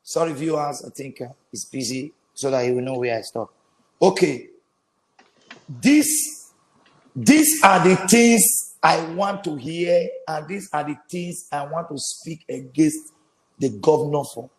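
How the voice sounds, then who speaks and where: A man hosting a commentary show, repeating his points slowly and emphatically to viewers. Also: on the high side, expressive, a little hiss or hum. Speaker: host. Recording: echoey room.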